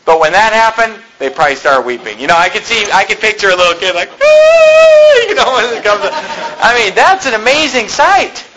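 High, bright-voiced man preaching a sermon. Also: slight background noise, low-quality recording. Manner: retells scripture in plain conversational terms, rhetorical questions.

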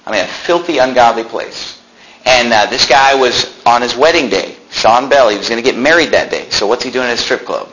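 A man pastor preaching a sermon in a church, talking conversationally and breaking into animated outbursts. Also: medium pitch, rough recording. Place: church sanctuary.

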